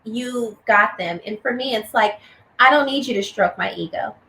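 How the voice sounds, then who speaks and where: A woman hosting a podcast in casual chat, animated, laughing often and acting out greetings. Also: on the high side, moderate pace, gravelly. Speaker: host. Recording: roomy echo, faint noise.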